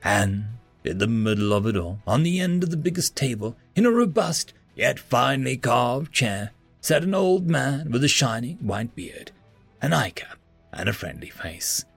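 A man narrating science fiction and fantasy stories in an expressive reading. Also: medium pitch, normal speed, gravelly, breathy edge, dry recording, faint music behind. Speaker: story narrator. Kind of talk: scripted story narration.

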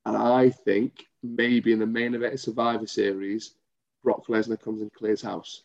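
A man co-hosting a podcast, chatting casually and eagerly, with quick agreeing interjections. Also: lowish voice, flat delivery, gravelly, darkish tone. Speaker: podcast co-host. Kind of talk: casual wrestling chat. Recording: slightly dull lo-fi audio.

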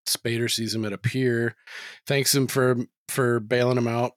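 A man's voice: medium pitch, little pitch movement, normal speed, no echo, studio quality. A man talking loosely in a casual podcast chat, rambling with lots of "like" and swearing freely.

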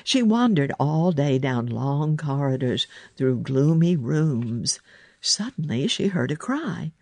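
A woman narrating a children's story aloud in a slow, expressive storytelling manner. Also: low voice, no echo.

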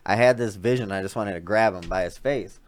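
A man's voice: on the low side, a little fast. A man telling a story in casual chat, rambling and swearing freely with frequent restarts. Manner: profane, rambling, restarts often.

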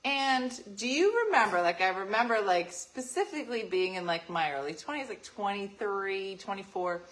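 A woman's voice: mid-range voice, animated, moderate pace, fairly bright tone, rough recording. A woman, chatting as a talk show co-host and telling stories playfully with acted-out asides. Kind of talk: casual chat.

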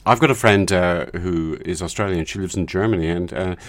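A very deep-voiced man hosts an interview and wanders into long stories. The sound is dry and close, with no room echo. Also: a little fast. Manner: rambling, anecdotal storytelling. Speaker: host. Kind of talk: conversational interview.

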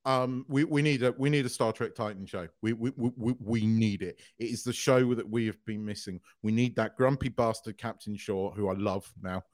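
A man co-hosting a podcast in casual chat, excitable, swearing freely and laughing often. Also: fairly low pitch, normal speed, hardly any pauses, no echo, studio quality. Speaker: podcast co-host.

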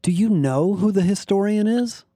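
A man voicing a menacing lizard alien whose hushed words carry a hiss and a gurgle. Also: high-pitched, lively intonation, normal speed, dry recording, studio quality, pitched above the performer's own voice. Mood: probing. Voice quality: hissing, gurgling syllables. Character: menacing jewel-draped lizard alien, hissing.

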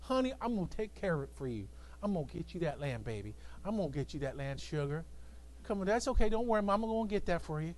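A man's voice: very high voice, big pitch swings, fast, few pauses, voice pushed up. A man voicing a scheming queen who sweet-talks her husband with pet names. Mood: cooing. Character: coaxing scheming queen, doting wife.

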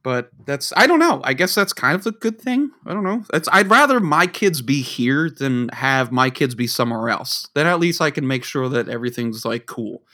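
A man's voice: mid-range voice, expressive, moderate pace, hardly any pauses, pushed and bright. A man telling a story in casual chat, rambling and swearing, stumbling over his words and restarting often. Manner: rambling, profane, stammers and restarts.

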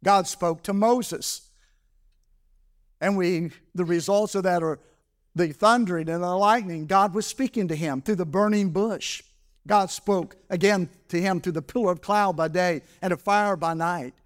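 A man preaching a sermon at a church service, repeating his key words for emphasis and reading scripture slowly. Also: high voice. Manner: reads scripture slowly in old English. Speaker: pastor.

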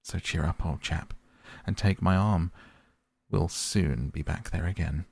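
A man's voice: low-pitched, a little slow, vocal fry, darkish tone, slightly rough, no echo, heavily acted. A man voicing a hearty, kindly male water rat who talks with cheerful command.

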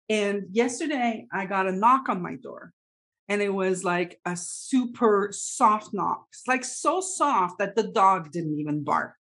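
A woman recounts a personal experience in a halting, heartfelt way. She often restarts her sentences and her voice carries emotion that at times turns tearful. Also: medium pitch, fairly bright tone. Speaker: participant sharing a story. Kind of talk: personal sharing in a group talk.

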